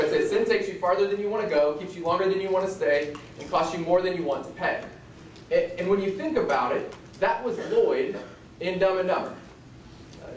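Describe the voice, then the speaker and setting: A pastor gives a sermon in a relaxed, storytelling way, moving from a comedy film to scripture. His voice sits a little high for a man. He is recorded from a distance in a very reverberant room, with a faint hiss of noise behind him. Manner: conversational, retells a film scene. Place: lecture room. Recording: echoey hall, distant mic, faint noise.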